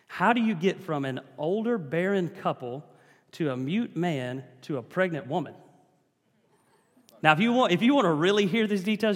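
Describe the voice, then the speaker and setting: Man preaching in a reverberant hall. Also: fairly high pitch. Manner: preaching with rising emphasis and calls to the congregation. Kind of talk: sermon.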